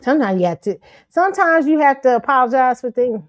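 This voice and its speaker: A woman's voice: sits high, fast, no room sound, clean studio sound. Sassy, blunt woman host. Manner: blunt, sassy, animated, laughs often. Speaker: show host. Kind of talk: pop culture commentary livestream.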